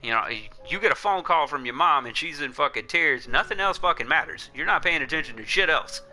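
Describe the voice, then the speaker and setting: Man, livestream host, sharp bright voice, blunt, profane, rambling casual chat. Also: on the high side, animated, brisk, faint music behind.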